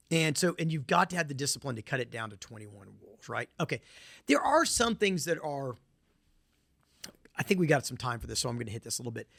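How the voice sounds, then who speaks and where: A man's voice: mid-range voice, a bit bright, dry recording, clean studio sound. A middle-aged man with a Southern US accent, giving a conference presentation in an emphatic, repetitive way with folksy asides.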